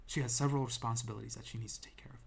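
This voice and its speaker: A man's voice: medium pitch, steady tone, very fast, vocal fry, slightly rough. A young man telling a personal story to camera in a rambling, self-deprecating way, full of restarts and ums, seated indoors. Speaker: vlogger. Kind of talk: casual storytelling monologue.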